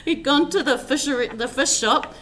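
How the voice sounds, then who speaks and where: A woman's voice: high-pitched, moderate pace, a bit bright, a little hiss or hum. A woman telling personal stories in a heartfelt, rambling eulogy, with many fillers as she speaks. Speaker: family member giving a tribute at a funeral service.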